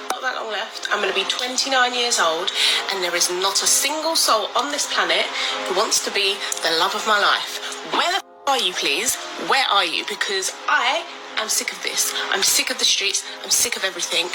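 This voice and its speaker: A woman's voice: mid-range voice, expressive, normal speed, low-quality recording. A woman in her twenties venting in an exasperated, pleading way. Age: 20s. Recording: talk over background music.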